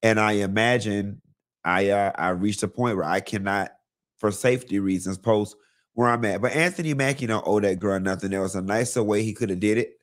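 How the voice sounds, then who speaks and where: A man hosting a live celebrity gossip show, talking bluntly and sassily, with lots of cursing and animated storytelling. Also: fairly low pitch, fairly quick. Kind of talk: casual celebrity gossip commentary.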